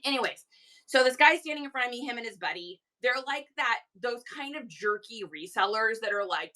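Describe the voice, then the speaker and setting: A woman hosting a reseller livestream, telling a story casually to her chat in an animated way, with quick asides to viewers. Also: a little high, rough recording.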